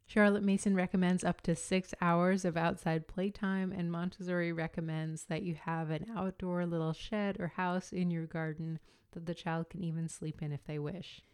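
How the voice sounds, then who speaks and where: A woman in her thirties talks alone on her podcast in a lowish, smooth and clear voice. She lays out and compares ideas patiently, pausing on fillers as she thinks, in a relaxed monologue. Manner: explanatory, compares ideas calmly with frequent fillers. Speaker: podcast host.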